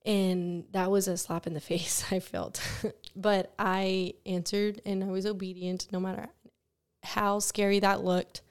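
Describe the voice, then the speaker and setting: A young woman hosting a Christian podcast, telling her personal testimony in an earnest, animated way with frequent laughs. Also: medium pitch, a little slow, clear, resonant tone. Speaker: podcast host.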